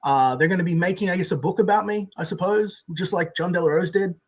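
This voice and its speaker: High, husky man rambling with a lively pitch. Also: fast. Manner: rambling, hesitant, many fillers. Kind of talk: casual talk on a stream.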